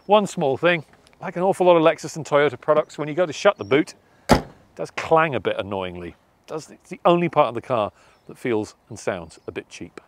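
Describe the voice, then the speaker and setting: Man, car reviewer, lively intonation, measured conversational delivery, inside a moving car, faint road hum. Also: fairly high pitch. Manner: measured and conversational, weighing pros and cons. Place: inside a car, partly while driving.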